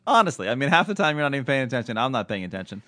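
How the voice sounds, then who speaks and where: Animated man co-hosting a podcast. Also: mid-range voice, very fast, dry recording, studio quality. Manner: animated, laughs often, restarts. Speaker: podcast co-host. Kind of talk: casual banter.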